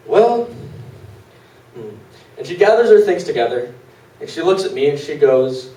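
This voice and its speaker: A man's voice: on the high side, brisk, warm tone. A young man of twenty telling comic stories at an open mic in a small venue, in a loose, rambling way with lots of fillers. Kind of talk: live comic storytelling. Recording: roomy live room, distant mic.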